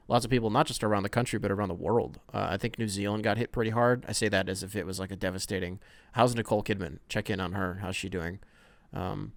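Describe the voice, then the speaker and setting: Animated, profane man on a dry mic. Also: on the low side, no room sound. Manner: rambling, profane and animated, with sudden loud outbursts. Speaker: podcast host. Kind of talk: casual solo podcast monologue.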